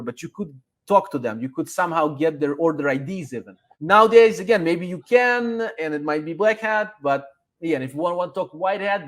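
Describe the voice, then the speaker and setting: A man guest in a casual chat, giving advice and acting out sample customer emails. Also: fairly high pitch.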